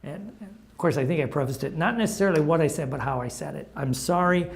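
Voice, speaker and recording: A man's voice: on the high side, expressive, quick pace, creaky. A middle-aged man giving an informal talk on recovery steps, sharing stories in a conversational, anecdotal way. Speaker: recovery program speaker.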